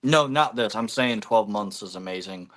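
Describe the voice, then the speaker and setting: A man's voice: fairly low pitch, moderate pace, a bit bright. A man hosting a casual livestream, rambling with many fillers and eating while he talks. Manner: chewing food while talking. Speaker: livestream host.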